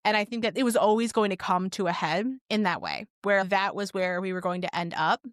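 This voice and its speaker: A woman's voice: medium pitch, a little fast, dry recording, studio quality. A woman co-hosting a casual podcast, telling stories with lots of swearing and acted-out quotes. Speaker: podcast co-host.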